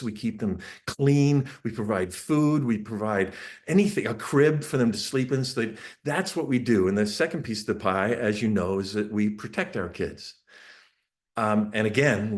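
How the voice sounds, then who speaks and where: A middle-aged man giving a casual, excited talk on parenting, full of asides and quick restarts. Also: on the low side. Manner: enthusiastic, rambling with asides and restarts. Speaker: parenting speaker.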